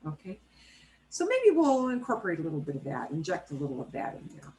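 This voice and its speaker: A woman's voice: fairly low pitch, wildly swooping pitch, quick pace, warm tone, poor audio. A woman teaching a language class over a video call, chatty and explanatory, checking in often with "right?" and "okay?". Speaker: Spanish teacher. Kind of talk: casual online class teaching.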